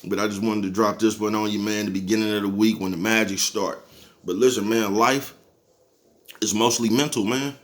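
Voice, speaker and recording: A man's voice: fairly low pitch, steady tone, moderate pace. Chuckling, laid-back man preaching casually. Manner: laid-back, chuckles often, keeps asking "you know what I'm talking about?"; profane, preachy street talk. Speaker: vlogger. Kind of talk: casual motivational monologue.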